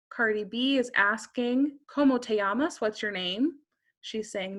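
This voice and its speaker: A woman's voice: a little high, a little slow, a bit bright. A woman teaching a beginner Spanish lesson, carefully modeling each phrase and quizzing the listener.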